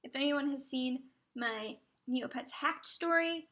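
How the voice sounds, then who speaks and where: A woman's voice: sits high, measured pace, few pauses, a bit bright. A young adult woman hosting a casual livestream, chatting along and often dropping into half-whispered asides. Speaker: livestream host. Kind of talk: casual live commentary.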